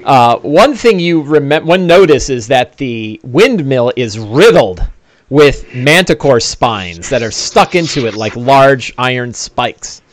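Dude game-mastering a tabletop game, lively voice, lots of uhs, dry close mic. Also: male voice, medium pitch, takes it slowly, no room sound. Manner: animated, with many fillers.

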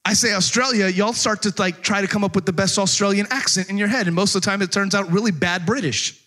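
A man's voice: sits high, steady tone, fast talker, pushed and bright. A man from Texas, preaching a sermon in a joking, conversational way full of rhetorical questions. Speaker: pastor.

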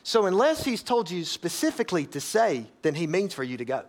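A male pastor delivering a sermon in a notably high voice for a man. He preaches emphatically, swinging from loud, raised exhortation to low, quiet asides. His delivery is casual and folksy. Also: sing-song, fairly quick, few pauses.

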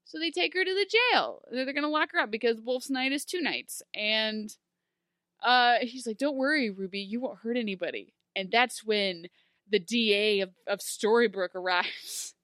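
A woman's voice: on the high side, normal speed, fairly bright tone, clear, resonant tone, dry recording, studio quality. A woman co-hosting a podcast, recapping a TV episode in casual chat and acting out characters in exaggerated voices.

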